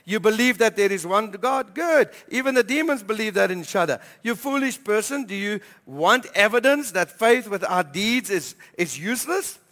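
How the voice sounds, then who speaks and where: A man preaching as pastor, emphatic and repeating key phrases, slowing down to stress scripture. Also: high-pitched, animated, fairly bright tone, big-room sound. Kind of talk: sermon. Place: church hall.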